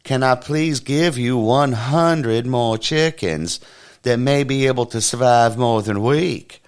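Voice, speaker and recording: A man's voice: mid-range voice, slow, clear, resonant tone, pitched above the performer's own voice, lightly acted. A man voicing a helpful but stern older male farm-store clerk in a spoken joke, folksy and patient at first, then firm. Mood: concerned.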